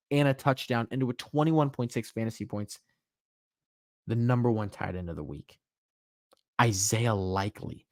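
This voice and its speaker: Animated young man hosting a podcast. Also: medium pitch, no echo, studio quality. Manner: animated, emphatic questions, self-correcting asides. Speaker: podcast host. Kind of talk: solo sports podcast talk.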